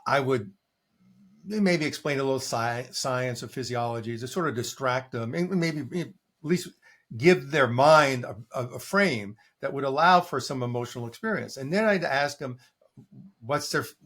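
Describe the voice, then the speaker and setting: An older man, a coach being interviewed, telling stories in a lively way and acting out what his clients say. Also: medium pitch. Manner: animated storytelling, acting out quoted clients. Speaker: coach and guest. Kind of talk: conversational interview answer.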